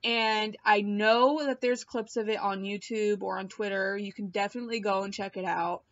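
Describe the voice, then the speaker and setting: A woman's voice: mid-range voice, fairly even intonation, normal speed. Rambling woman chatting into a laptop. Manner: chatty, rambling, swears and laughs often. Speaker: vlogger. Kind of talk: casual chat. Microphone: laptop mic. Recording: dull lo-fi laptop audio.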